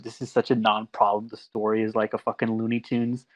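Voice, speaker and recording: A man's voice: lowish voice, little pitch movement, brisk. Sarcastic, joking male podcast host. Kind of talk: casual podcast chat.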